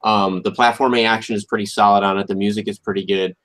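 A man's voice: lowish voice, level tone, quick pace, a bit bright. A man co-hosting a podcast, reviewing a retro game in an easygoing way with many ums and uhs. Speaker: podcast co-host. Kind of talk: casual chat.

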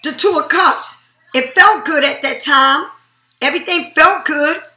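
A woman's voice: sits high, unhurried, bright, forceful tone, roomy sound. A woman reading tarot cards in a blunt, profane, emphatic way. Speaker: tarot reader.

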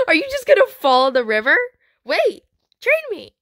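A woman hosting a gaming channel, chatting excitedly as she trades in a game, with frequent gasps and squeals. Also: high voice, slow, long pauses, no room sound, studio quality. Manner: chatty, talks to viewers and other players. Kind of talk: playing a trading game while commenting casually.

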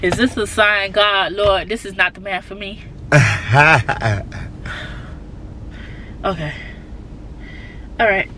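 A woman's voice: mid-range voice, steady tone, unhurried, long pauses, sharp tone, slight background noise. Chatty, nervous young woman in a car. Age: 20s. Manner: chatty, nervous, swears a lot. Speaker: vlogger. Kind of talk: casual vlog monologue. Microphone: handheld phone or camera.

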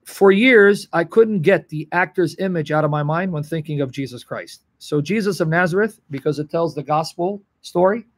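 Man, Bible teacher, livestream teaching, earnest, emotional, slightly higher voice. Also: normal speed, few pauses. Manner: emotional, earnest, addresses viewers by name. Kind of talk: livestream teaching answering chat.

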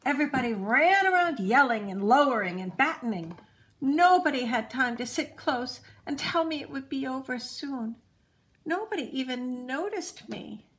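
Bright, expressive woman reading a storybook. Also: high voice. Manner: expressive, unhurried read-aloud.

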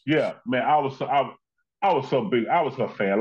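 A man's voice: mid-range voice, fairly quick, husky. A man hosting a casual chat, praising at length in loose run-on stories. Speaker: host. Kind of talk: casual conversation. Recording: slightly muffled audio.

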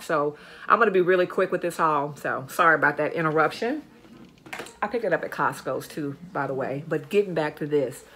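A woman talks casually to her viewers from home, showing off a haul. Her voice sits a little low and she gushes, repeating words for emphasis. A faint hum of room noise sits underneath. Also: fairly bright tone. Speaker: vlogger showing a dumpster-diving haul. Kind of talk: casual chat to camera. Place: home, indoors.

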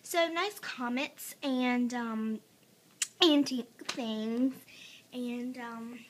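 A woman's voice: fairly high pitch, drawn-out words, a little hiss or hum. A teenage girl giving a casual, rambling room tour vlog, filmed on a handheld phone in her bedroom, full of fillers and joking asides. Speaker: vlogger. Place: bedroom at home.

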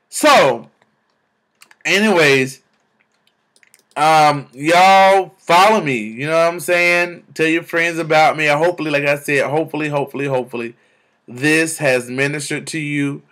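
A young man vlogging about faith, exclaiming and repeating words in bursts of excitement, talking into a camera. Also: fairly high pitch, unhurried. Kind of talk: excited spiritual vlog testimony.

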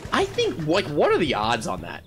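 A man streaming a game live, chatting to viewers in a playful, goofy way, laughing often and yelling when he wins. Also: a little high, wildly swooping pitch, normal speed, music in the background. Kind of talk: casual live gameplay chatter.

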